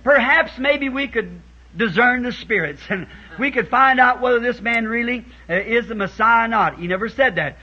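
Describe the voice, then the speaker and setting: A man preaching a sermon to a church congregation in a folksy storytelling way, acting out quoted voices and building up to shouts, on a dull 1960s tape. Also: extremely high pitch, moderate pace.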